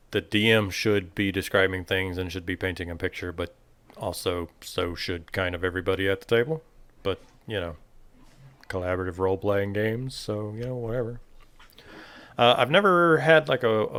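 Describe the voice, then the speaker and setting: A man chatting casually in an interview about tabletop games, rambling and relaxed with many fillers. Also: low-pitched. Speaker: podcast host.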